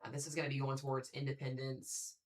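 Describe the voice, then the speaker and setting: A man's voice: mid-range voice, completely flat delivery, quick pace. A young man hosting a live severe weather stream, talking casually and thinking aloud as he reads the radar and calls out to viewers. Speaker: severe weather livestream host. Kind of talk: live weather coverage commentary.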